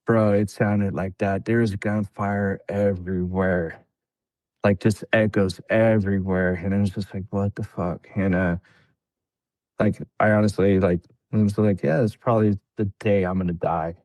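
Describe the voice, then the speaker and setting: A man with a low, dry-miked voice tells a war story in relaxed podcast chat. He acts out what others said, jumping up into a higher voice for the quotes, and peppers his telling with fillers and laughs. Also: normal speed, no echo. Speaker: podcast guest, veteran. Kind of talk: casual storytelling.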